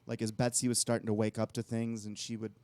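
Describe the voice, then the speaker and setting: A man's voice: lowish voice, little pitch movement, quick pace, a little mellow, no echo. A man co-hosting a talk show, telling long rambling anecdotes in casual conversation. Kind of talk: casual storytelling chat.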